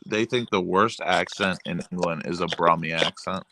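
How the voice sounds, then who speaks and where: A man's voice: deep voice, moderate pace. A man on a casual live-stream chat, blunt and dismissive in his opinions. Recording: noisy line with clicks.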